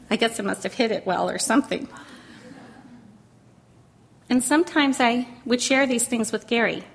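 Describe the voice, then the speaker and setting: A middle-aged woman sharing a personal testimony in a sermon, earnest and emotional, drawing words out slowly for emphasis. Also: on the high side, vocal fry, fairly bright tone. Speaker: pastor's wife speaking to a congregation.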